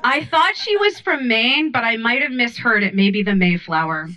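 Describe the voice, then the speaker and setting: Animated woman doing stand-up. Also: fairly high pitch, moderate pace. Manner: animated storytelling with many voices. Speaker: stand-up comedian. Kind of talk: stand-up comedy set. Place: comedy club stage.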